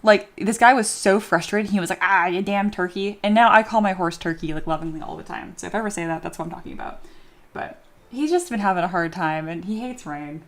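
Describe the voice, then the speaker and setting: Soft background music accompanies a woman who sculpts 3D models on a livestream, reading out viewer comments and poking fun at herself as she chats casually. She speaks fast, in a voice on the low side.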